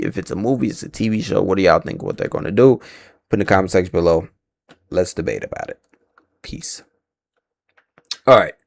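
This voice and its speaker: Angry ranting male streamer, lively pitch. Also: no echo, studio quality. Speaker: live stream host. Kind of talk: live stream rant.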